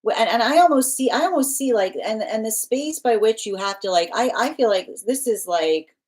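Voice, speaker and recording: A woman's voice: fairly high pitch, expressive, normal speed, darkish tone. A woman giving a live tarot reading, rambling and emphatic, with frequent restarts and repeated phrases. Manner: emphatic, insistent. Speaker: tarot reader.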